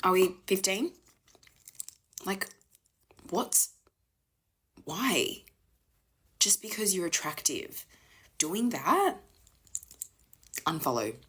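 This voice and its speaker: A woman with a low, husky voice rants to camera in an exasperated way. She keeps dropping into half-whispered asides between her louder points. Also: big pitch swings, very slow, pauses often. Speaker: woman ranting about men online. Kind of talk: rant to camera.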